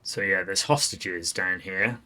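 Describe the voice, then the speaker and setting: A man's voice: deep voice, a little slow, pushed and bright, faint music behind. A man streaming a video game live, chatting wryly and talking back to the characters on screen. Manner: chatty, wry, talks to the screen. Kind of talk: live gameplay commentary.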